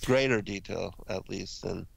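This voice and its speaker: A man discussing ancient religious texts in casual conversation, halting often with fillers and restarts. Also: low-pitched, vocal fry, breathy edge, no echo, poor audio.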